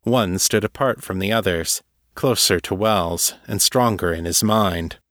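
Give me a low-voiced man reading a story in a measured way. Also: fairly bright tone, no echo, studio quality. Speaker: narrator. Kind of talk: serial fiction reading.

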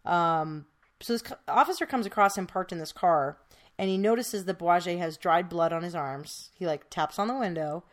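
A woman's voice: fairly low pitch, normal speed. A woman podcast host telling a true crime case in casual, chatty storytelling, with many fillers.

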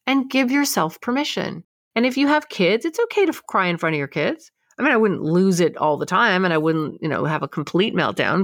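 A woman co-hosting a talk show, giving emotional advice in a lively, laughing way. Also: lowish voice, no echo, studio quality. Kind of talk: casual advice chat.

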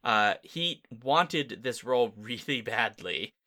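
A man co-hosting a podcast, chatting casually and enthusiastically about a movie. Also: takes it slowly. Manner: enthusiastic, jumps up in pitch when excited. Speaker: podcast co-host. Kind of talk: casual movie-review chat.

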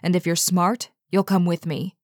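A woman voicing a blunt, agitated young man who swears when scared, in a slow storybook reading. The delivery is low-pitched and close, with no room sound. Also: level tone, dry recording, close to an everyday voice. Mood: alarmed. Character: panicky, swearing young man, eager to flee.

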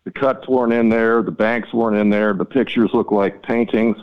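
Animated man telling a story. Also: normal speed, smooth, dull audio. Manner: animated, exasperated, reenacts dialogue with rising pitch. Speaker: podcast guest, mapping company founder. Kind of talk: storytelling interview talk.

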